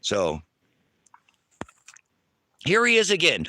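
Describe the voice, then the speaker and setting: A man on a livestream, ranting angrily at his chat, swearing and preaching, loud one moment and lecturing low the next. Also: expressive, moderate pace, dry recording. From United States. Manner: angry, profane and preachy, swings between shouting and low lecturing. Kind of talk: heated livestream rant to chat.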